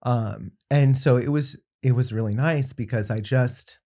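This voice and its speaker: A man's voice: medium pitch, unhurried, warm tone. A young adult man, a podcast guest, telling a personal story in casual conversation and acting out the people he quotes.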